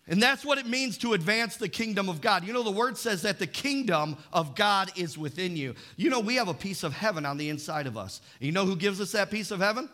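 A man with a high, bright voice preaching a sermon. He reads scripture slowly and leads the congregation in call-and-response. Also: lively intonation. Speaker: pastor.

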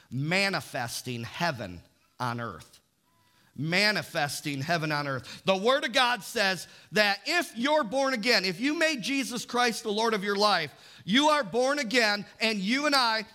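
A man with a high, bright voice preaching a sermon. He reads scripture slowly and leads the congregation in call-and-response. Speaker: pastor.

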